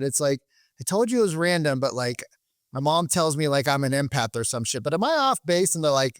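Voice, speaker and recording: A man's voice: on the high side, animated, fairly quick, no echo, clean studio sound. A man hosting a podcast in a casual, rambling way, full of restarts and loose swearing. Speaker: podcast host.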